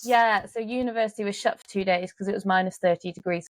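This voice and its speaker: A woman's voice: medium pitch, fairly even intonation, fast, no echo. A young English woman guest on a podcast, telling stories in casual chat with dry sarcasm. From England.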